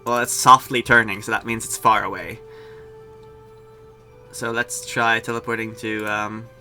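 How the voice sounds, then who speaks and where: A man's voice: fairly low pitch, flat delivery, measured pace, sharp tone, faint music behind. A young man giving casual, jokey gameplay commentary as a streamer, chatting with his viewers. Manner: chatty, jokey, talks to chat. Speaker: game streamer.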